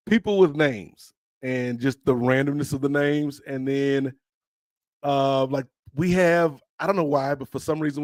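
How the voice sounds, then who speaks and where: Podcast co-host, male, slightly high voice, animated storyteller, dry mic. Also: no room sound. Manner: animated storyteller acting out dialogue. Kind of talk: casual storytelling chat.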